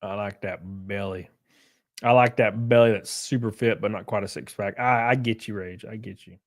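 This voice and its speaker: A man hosting a livestream, answering chat messages in a brash, profane, animated way. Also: fairly low pitch, moderate pace. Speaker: livestream host reading chat.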